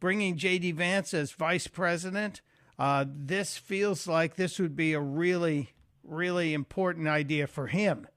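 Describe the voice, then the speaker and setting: A man's voice: on the high side, unhurried, fairly bright tone, no echo, clean studio sound. Folksy man hosting talk radio. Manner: conversational, folksy, with fillers. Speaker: radio talk show guest host. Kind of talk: talk radio monologue and call-in.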